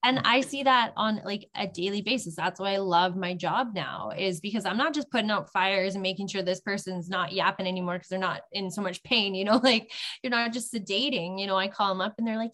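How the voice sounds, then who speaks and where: A woman talking casually and with passion on a podcast panel, laughing often and speeding up in quick bursts. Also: medium pitch, bright, forceful tone. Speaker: cannabis advocate guest.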